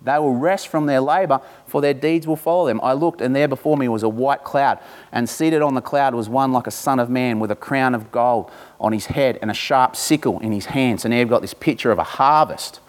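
A pastor preaching, reading scripture slowly and deliberately, then breaking into informal asides to the congregation. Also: male voice, medium pitch.

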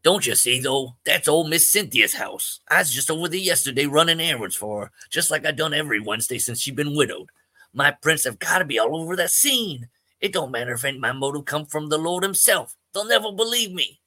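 A man's voice: mid-range voice, moderate pace, sharp tone, pitched above the performer's own voice. A man voicing Old Joe, a paranoid, God-fearing old small-town man who talks in a folksy drawl and pleads frantically. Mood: panicked.

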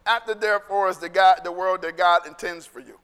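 A male pastor preaching a sermon in an animated, conversational way that swings into shouting. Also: high-pitched, brisk, clean tone, long reverb tail.

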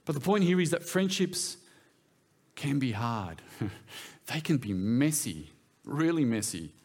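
A man's voice: medium pitch, big pitch swings, a little slow, a little mellow. A man preaching in a church, talking in a conversational way and often putting questions to his listeners. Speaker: pastor. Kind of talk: sermon.

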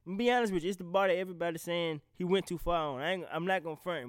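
A man from the American South, talking bluntly and with a lot of swearing in a casual, unscripted commentary, animated and often breaking off mid-sentence. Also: high-pitched, very fast, no echo, studio quality. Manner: blunt, profane, animated, trails off and restarts. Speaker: vlogger reacting to rap beef.

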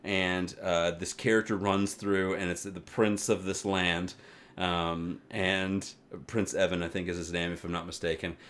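A man co-hosting a podcast, chatting casually and getting animated as he retells a game story, swearing freely. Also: low voice, unhurried. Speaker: podcast co-host. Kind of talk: casual chat about games and anime.

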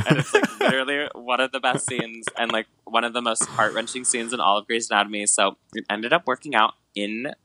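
Talking fast with hardly a pause, this medium-pitched podcast co-host in his twenties spins a dramatic story in casual conversation, loaded with fillers like "like" and "um." The background is noisy.

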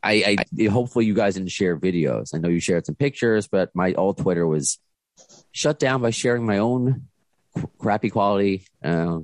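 A man's voice: lowish voice, moderate pace, no echo. A man hosting a podcast over a video call, chatting casually and rambling with restarts. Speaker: podcast host. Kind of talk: casual chat.

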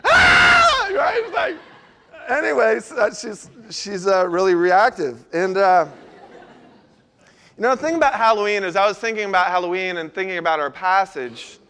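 Male pastor, high bright voice, storytelling sermon with animated asides. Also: moderate pace.

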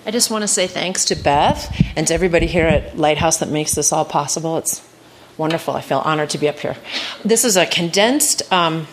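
A woman's voice: low voice, brisk, slight background noise. A woman giving a live reading of her personal essay on stage, with a wry storytelling delivery.

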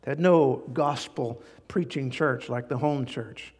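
Animated preaching pastor, echoing hall. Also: male voice, measured pace. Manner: animated preaching with sudden rises in pitch and volume. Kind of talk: sermon.

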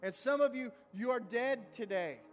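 Guy preaching in a church, high voice, lots of room echo. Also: normal speed. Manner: preaching with rising intensity, reading scripture aloud. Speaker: pastor. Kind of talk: sermon. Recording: long reverb of a big room, faint music.

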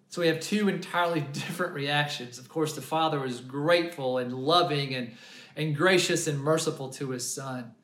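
High-voiced male pastor preaching. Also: animated, normal speed, a bit bright. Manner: earnest, storytelling, frequent restarts. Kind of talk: sermon. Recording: roomy echo.

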